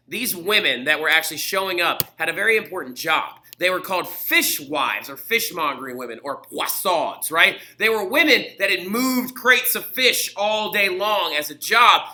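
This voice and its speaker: Energetic male history teacher, high bright voice, animated storyteller. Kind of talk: lively classroom lecture video.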